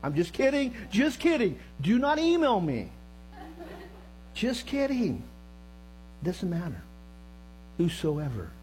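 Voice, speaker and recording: A middle-aged man preaching a sermon as pastor, moving between loud emphasis and low hushed tones, with joking asides to the congregation. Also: huge pitch swings, takes it slowly, pauses often, faint music behind, rough recording. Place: church sanctuary.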